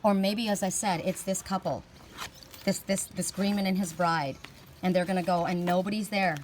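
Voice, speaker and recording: A middle-aged woman giving a casual spiritual card reading outdoors, telling animated stories with frequent restarts. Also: on the low side, moderate pace, a little hiss or hum. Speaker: oracle card reader. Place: outdoors by water, California.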